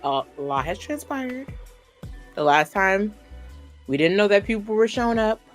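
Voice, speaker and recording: A woman hosting a podcast, talking in a casual, animated, rambling way with lots of fillers. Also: mid-range voice, moderate pace, soft background music. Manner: animated, rambling, says "like" often. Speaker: podcast host.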